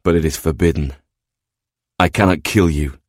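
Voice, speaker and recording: A man's voice: very deep voice, no room sound, studio quality. A man voicing a solemn, sorrowful godlike male warrior who speaks in grave, formal sentences. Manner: grave, formal, measured speech.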